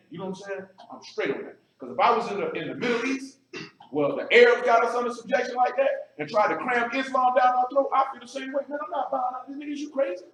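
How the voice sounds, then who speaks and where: Blunt fast-talking preacher in an echoey room. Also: male voice, high-pitched, fairly bright tone. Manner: blunt, emphatic, conversational street talk; frequent "you know what I'm saying". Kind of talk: sermon. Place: assembly room. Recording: echoey room, speaker far from the mic, faint noise.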